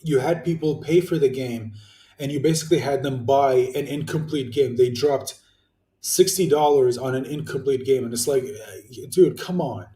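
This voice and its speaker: A man's voice: medium pitch, moderate pace, mellow, roomy sound, distant mic. A young man ranting casually to his viewers, blunt and swearing, with lots of fillers and restarts. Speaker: YouTuber answering viewer comments.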